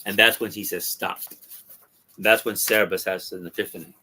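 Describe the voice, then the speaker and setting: A man on a talk podcast casually retelling a comic's story, halting with ums and restarts. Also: on the low side, fairly even intonation, pushed and bright, slight background noise. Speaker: podcast co-host discussing comics.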